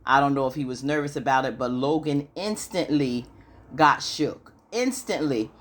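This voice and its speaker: A woman's voice: a bass voice, moderate pace. A woman giving a chatty, casual recap of a TV episode, with lots of "you know" fillers and questions to her audience. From United States. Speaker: TV recap YouTuber.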